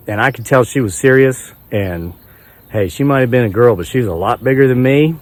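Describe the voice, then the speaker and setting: A man in his forties from West Virginia tells a story outdoors at an unhurried, rambling pace. He chuckles often and pokes fun at himself, and his voice sits at an everyday middle pitch. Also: expressive. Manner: chuckling, easygoing, self-mocking. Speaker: homesteading vlogger.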